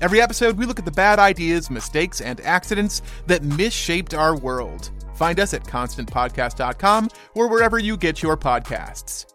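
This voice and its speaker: A man reads a scripted podcast promo as a wry little story. His voice is high for a man and swings widely in pitch. Faint music plays underneath. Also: animated, moderate pace, few pauses, a bit bright. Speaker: podcast host in an ad. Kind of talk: scripted narration.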